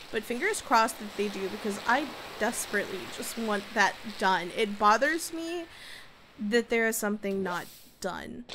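A woman's voice: on the high side, background noise. A young woman giving playful, chatty commentary while playing a farming game, talking to herself and her viewers. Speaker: gaming youtuber. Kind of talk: casual let's-play commentary.

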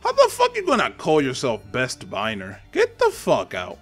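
A man's voice: medium pitch, huge pitch swings, normal speed, soft background music. A young man giving profane, trash-talking commentary over online gameplay at home. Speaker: gaming channel host. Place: home apartment with neighbors upstairs.

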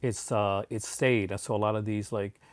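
A man with a Newfoundland accent chats casually with his viewers, drifting through tangents as he answers their questions. His voice sits on the low side. The recording is dry and close, with no room sound. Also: steady tone, moderate pace, no room sound. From Newfoundland, Canada. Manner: chatty and rambling, drifting between tangents. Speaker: streamer answering viewer chat. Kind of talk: casual live-stream chat.

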